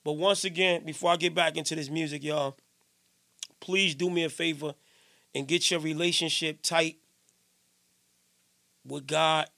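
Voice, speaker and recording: Middle-aged male radio host, high gravelly voice, emphatic preachy rambling, dry close sound. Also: steady tone, unhurried, pauses often, dry recording. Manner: emphatic, repetitive, swings loud and soft. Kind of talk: casual preachy monologue. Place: radio station studio.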